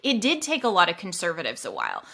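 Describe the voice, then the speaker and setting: A woman hosting an interview, talking in an animated way and laughing often. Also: lowish voice, fast, gravelly. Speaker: host. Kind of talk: interview conversation.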